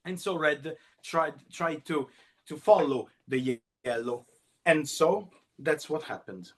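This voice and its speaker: A man with an Italian accent telling a story as a kamishibai storyteller, slipping in Italian phrases with halting restarts. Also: a little high, slightly rough. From Italy.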